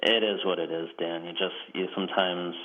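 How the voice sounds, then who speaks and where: A man with a very low voice, speaking as an interview guest in a relaxed, wry, self-deprecating way. He comes through a dull, muffled remote line with a faint hiss behind him. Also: fairly quick. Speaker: guest, retired soccer player.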